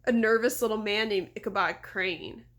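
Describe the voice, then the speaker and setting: A woman voicing a cocky, boastful fairy boy in a storybook reading, loud and dismissive. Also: mid-range voice, normal speed, close to an everyday voice.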